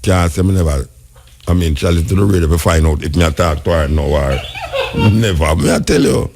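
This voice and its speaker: Gravelly Jamaican man hosting radio. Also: sits low, expressive, a little fast, noisy background. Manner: wry, musing, laughing commentary. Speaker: radio host. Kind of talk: radio talk show.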